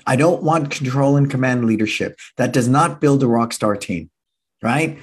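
A man in his sixties, a martial arts school owner, gives an energetic motivational seminar talk, repeating key phrases and acting out quoted voices. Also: medium pitch, moderate pace, slightly rough. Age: 60s.

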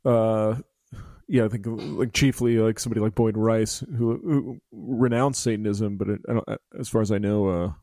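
A man hosting a radio interview, talking in a relaxed, halting way with many "like" and "uh". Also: on the low side, no room sound, clean studio sound. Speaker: radio host.

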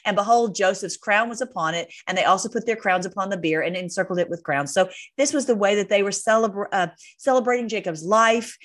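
A woman teaching a Bible study, reading scripture aloud with frequent fillers and self-corrections, and breaking off into conversational, exasperated asides. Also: mid-range voice.

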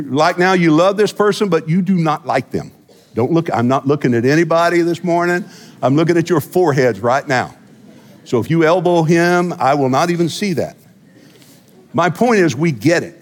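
Joking pastor preaching in a reverberant sanctuary. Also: male voice, a little high, animated, normal speed. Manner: conversational and joking, with frequent restarts and repetitions. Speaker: senior pastor. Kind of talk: sermon. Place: church sanctuary.

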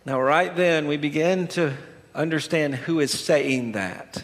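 A man's voice: fairly high pitch, unhurried, long reverb tail. A man preaching a sermon as pastor, dramatic and storytelling, acting out the voices in the story. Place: church sanctuary.

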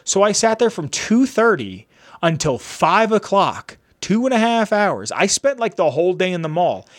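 A man's voice: high voice, moderate pace. Rambling young guy telling a story. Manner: rambling, animated retelling with lots of "like" and quoted dialogue. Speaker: podcast host. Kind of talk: casual storytelling.

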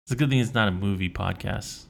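A young man co-hosting a podcast, relaxed and quick to laugh. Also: fairly low pitch, vocal fry. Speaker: podcast co-host. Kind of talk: casual chat.

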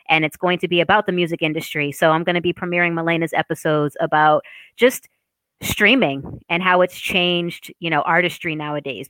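A woman's voice: on the low side, a bit bright, dry recording. Chatty, laughing woman podcast host. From Boston, Massachusetts. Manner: chatty, laughs often, playful. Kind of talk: casual chat.

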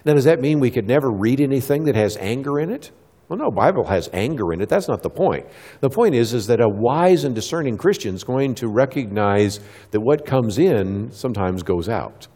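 A man's voice: mid-range voice, expressive, warm tone, in a large hall. A middle-aged man giving a church talk to a live audience, asking them questions and answering them himself, and acting out little exchanges with kids. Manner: acts out quick little dialogues with kids. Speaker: Christian speaker.

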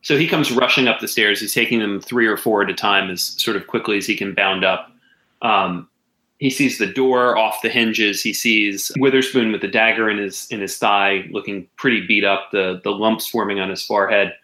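Bright-voiced man running a tabletop game. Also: lowish voice, roomy sound, poor audio. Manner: relaxed, halting with many fillers. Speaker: game master.

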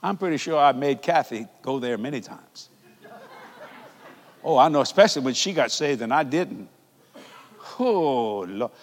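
A man preaching a televised sermon in a large church, fervent, with folksy grammar and shouting peaks. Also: medium pitch, expressive, a little slow, long pauses, big-room sound.

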